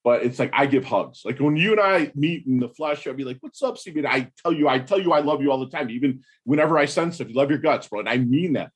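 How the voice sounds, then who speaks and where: A man's voice: medium pitch, quick pace, few pauses, slightly rough. A man from the American Midwest hosting a podcast interview, effusive and slangy, calling his guest dude and brother. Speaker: podcast host. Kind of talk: casual interview.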